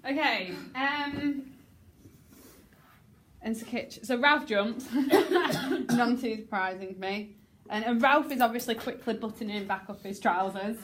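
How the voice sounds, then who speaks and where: A high-voiced woman teacher directs a class rehearsal, brisk and joking as she talks students through blocking. She acts lines out herself with playful energy, over faint background noise. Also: fairly bright tone. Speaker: drama teacher.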